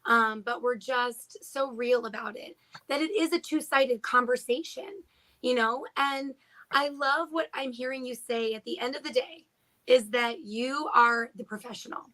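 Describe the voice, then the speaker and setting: High, bright, upbeat woman. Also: a little slow, rough recording. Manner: upbeat, encouraging. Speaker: teacher and technology integration specialist. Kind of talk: casual panel chat.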